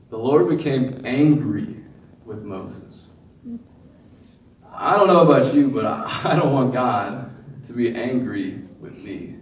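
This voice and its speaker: A man preaching a sermon as pastor, animated and often laughing as he acts out the voices of people in his story. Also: mid-range voice. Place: church hall. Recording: echoey room from far off.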